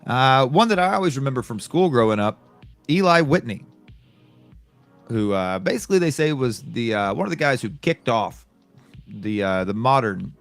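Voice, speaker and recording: Man, casual podcast co-host, mid-pitched voice, faint music behind, reads history notes with offhand remarks. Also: big pitch swings, normal speed, no room sound. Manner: reads daily history items, chatty asides. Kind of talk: casual chat.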